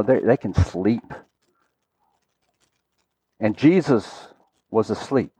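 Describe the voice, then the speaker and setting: Guy preaching a sermon, kinda high voice, goes big then real quiet, dry dull sound. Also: dry recording. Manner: dramatic storytelling, swinging from loud to hushed.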